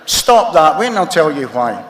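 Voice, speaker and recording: A man's voice: a little high, big pitch swings, normal speed, fairly bright tone. A Scottish man in his sixties, a recovery meeting speaker telling a wry, self-mocking story to a crowd in a large hall. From Scotland. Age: 60s. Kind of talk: comic storytelling talk to a crowd. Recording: echoey hall, faint noise.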